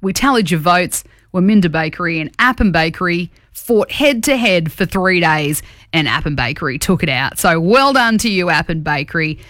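An Australian woman on a radio show, chatting quickly and joking with a co-host. Her pitch sits a little low but swings around a lot, and the studio sound is dry and close. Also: animated, a bit bright, no echo. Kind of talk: casual radio chat.

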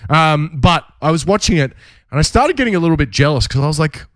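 An Australian man chatting casually on a podcast, his slightly high voice swinging widely in pitch. He talks in animated bursts and often slips into exaggerated put-on accents. The sound is close and dry. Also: quick pace, no echo. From Tasmania, Australia. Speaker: podcast co-host. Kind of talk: casual chat.

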